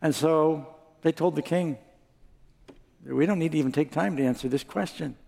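A man's voice: a little high, normal speed, vocal fry, a little mellow. A man preaching a sermon, telling stories with dramatic voices for the people in them and asking the congregation for amens. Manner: dramatic storytelling, acts out quoted voices, asks the crowd for amens. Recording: long hall reverb.

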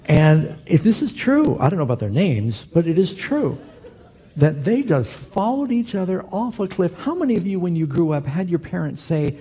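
A man's voice: high voice, big pitch swings, brisk, mellow, slightly rough. A middle-aged man preaching a sermon as pastor, telling stories with humor and putting questions to his congregation. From Southern California.

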